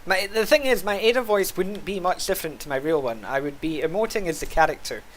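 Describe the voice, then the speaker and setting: A man with a Scottish accent talking casually over his own gameplay stream. His voice sits a little higher than most men's, and his talk is chatty and dryly sardonic, with grumbles about lag. A faint hum of room noise sits underneath. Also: animated, fast, rough recording. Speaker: game streamer. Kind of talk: casual gaming stream chat.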